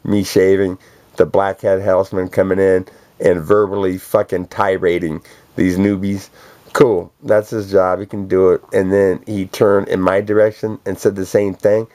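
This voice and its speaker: A man talks straight to the camera in a rambling monologue, with a somewhat low voice. He sounds boastful and profane and throws in streetwise slang as he goes. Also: little pitch movement, normal speed, mellow. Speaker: vlogger addressing a celebrity. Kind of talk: rambling direct-address monologue.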